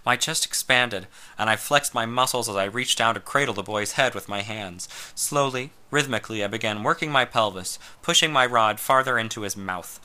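A man reading a first-person story aloud in a slow, measured way, sometimes dropping to a hush. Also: mid-range voice. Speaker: narrator.

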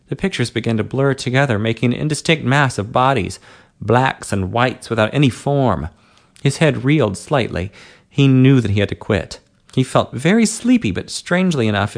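A man with a mid-range voice narrates a story aloud. His reading is steady and measured, in an audiobook manner. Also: medium pitch, gravelly.

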